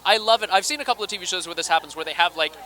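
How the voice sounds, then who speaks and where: A man with a Scottish accent, chatting quickly and animatedly in an interview at a red carpet event. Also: high voice. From Scotland. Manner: fast, animated, acts out quoted voices. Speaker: interviewee, actor and magician.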